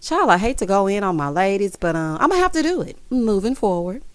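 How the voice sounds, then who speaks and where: A woman recapping a reality show in casual, sassy commentary, calling viewers honey and child and breaking into loud, high laughs. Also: a little fast, dry recording. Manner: sassy, animated, side-eye asides.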